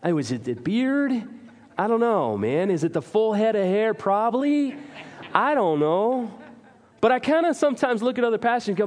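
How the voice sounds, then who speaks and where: A man's voice: high-pitched, very animated, normal speed, darkish tone. A man preaching a sermon as a pastor, talking to his congregation in an earnest, conversational way with self-deprecating humor. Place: church sanctuary. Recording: reverberant hall.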